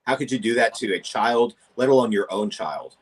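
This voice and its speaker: A man's voice: medium pitch, animated, moderate pace, breathy edge. Easygoing Southern US man co-host. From Tennessee, US. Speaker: podcast co-host. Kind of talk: casual podcast chat.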